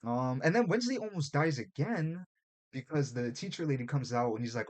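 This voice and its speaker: A man co-hosting a casual podcast, retelling a show's plot in animated, profane chat and putting on quick mock voices. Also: on the high side. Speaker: podcast co-host.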